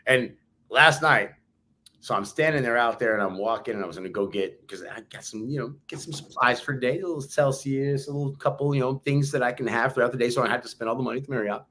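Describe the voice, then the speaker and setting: A man's voice: medium pitch, fast, sharp tone. A man co-hosting a podcast, chatting casually with a motivational edge. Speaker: podcast co-host. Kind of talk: casual chat.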